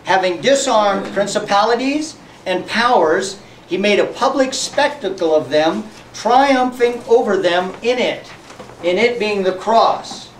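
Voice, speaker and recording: High-voiced folksy man preaching. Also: animated, a little slow, slight background noise. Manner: folksy, joking, laughs often. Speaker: pastor. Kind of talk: sermon. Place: church sanctuary. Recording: echoey church sanctuary, mic from far off.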